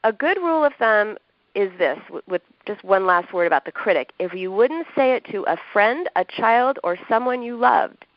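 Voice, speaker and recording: A woman's voice: mid-range voice, lively intonation, moderate pace, dry recording. Lady doctor guest explaining stuff on a podcast, dry close sound, kinda muffled. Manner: warm, explanatory, acts out quoted speech with laughs. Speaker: doctor and author, interview guest. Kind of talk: advice in a podcast interview. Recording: dull lo-fi sound.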